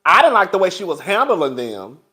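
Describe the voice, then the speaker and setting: A man with a high voice runs a casual gossip livestream, laughing as he talks. He is sassy and profane, keeps calling the chat "girl", and speaks. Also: huge pitch swings, brisk, bright, forceful tone. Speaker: YouTube commentary host.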